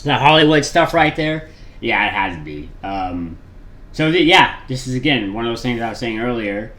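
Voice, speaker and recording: A man's voice: mid-range voice, lively intonation, normal speed, fairly bright tone. A man hosting a reaction video, chatting casually in a rambling way with lots of fillers and restarts. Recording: roomy echo.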